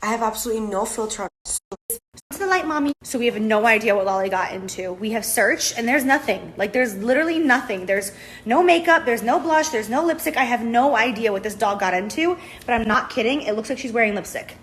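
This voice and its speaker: A woman's voice: fairly high pitch, fast talker, a bit bright, a little hiss or hum, low-quality recording. A woman beauty influencer chatting through a makeup tutorial, gushing, giggly and often profane.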